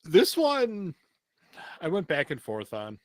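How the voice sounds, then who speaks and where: Lively, animated male podcast host. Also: on the high side, takes it slowly, no room sound. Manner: animated, self-mocking storytelling with frequent laughs. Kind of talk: casual comedic chat.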